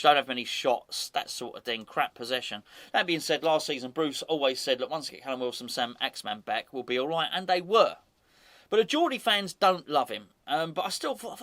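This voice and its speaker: Rambling, animated man chatting about football. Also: on the high side. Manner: rambling, animated, repeats himself. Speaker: podcast host. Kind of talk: casual football chat.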